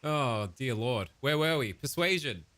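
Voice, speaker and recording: A man's voice: mid-range voice, animated, unhurried, a bit bright, no room sound. A man chatting offhand with an AI and reading through a game tutorial, dry and teasing. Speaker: gamer chatting with an AI. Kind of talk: casual gameplay commentary.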